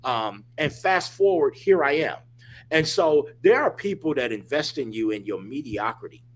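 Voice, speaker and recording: A fairly high-voiced man tells a story over a video call. His delivery is animated and emphatic. He leans on casual asides like "dude" and keeps checking in with "right?". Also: moderate pace. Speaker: guest.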